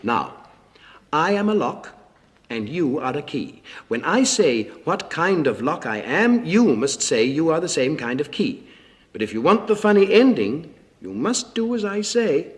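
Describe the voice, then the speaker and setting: A man leading rhymes, games and a fast tongue twister on a children's record, playful and teasing. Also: a little high, big pitch swings. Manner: playful, teasing and brisk in patter. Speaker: playmate and game leader on a children's record.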